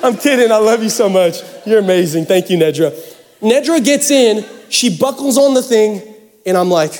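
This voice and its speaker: A youth pastor from Seattle gives a sermon, telling a joking, animated story to the congregation in a large church hall. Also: male voice, high-pitched, normal speed. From Seattle area, United States. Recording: long hall reverb.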